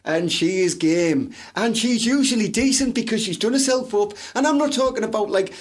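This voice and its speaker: A man's voice: high-pitched, moderate pace. A man with a Teesside accent co-hosting a podcast, telling crude, boisterous stories. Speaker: podcast co-host. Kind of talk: casual chat.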